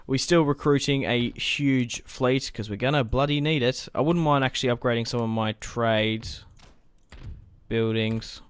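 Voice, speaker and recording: A man's voice: mid-range voice, steady tone, a little slow, clear, resonant tone, no echo. A young man giving casual, rambling let's-play commentary as he plays, thinking aloud and swearing now and then. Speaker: gaming let's-play host.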